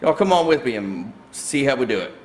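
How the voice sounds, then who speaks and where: A man hosting a cooking channel, talking viewers through a recipe step by step in a relaxed, folksy way. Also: medium pitch, a little fast. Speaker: host of a barbecue cooking channel. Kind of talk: casual cooking demonstration.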